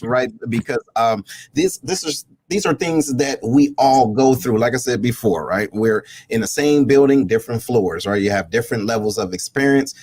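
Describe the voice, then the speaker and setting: A man's voice: medium pitch, slightly rough, no echo. A man hosting a casual talk show, slangy and preachy, often calling out to his audience. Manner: animated, preachy, slangy, fond of calls to the audience. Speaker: show host.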